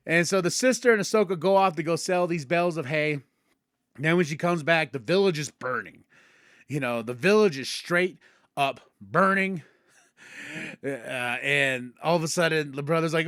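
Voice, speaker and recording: Podcast host, male, excitable storyteller, fairly high voice, dry close sound. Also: moderate pace, dry recording. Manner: excitable, acts out characters' lines mid-story. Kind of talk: casual episode recap.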